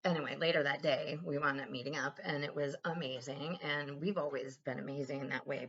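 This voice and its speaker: A woman's voice: low-pitched, a little fast, few pauses, slightly rough, muffled recording. A woman vlogger telling a personal story in a candid, profane way, acting out the lines of the people in it. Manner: candid, profane, animated retelling with quoted dialogue. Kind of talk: casual confessional storytelling.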